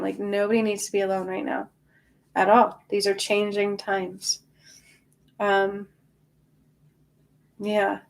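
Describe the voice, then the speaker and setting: A woman of middle pitch talks in a casual livestream, tired but reassuring, answering her viewers one by one. Her voice comes through a phone or webcam mic. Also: gravelly. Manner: chatty, reassuring, reads and answers viewer comments. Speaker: spiritual livestream host.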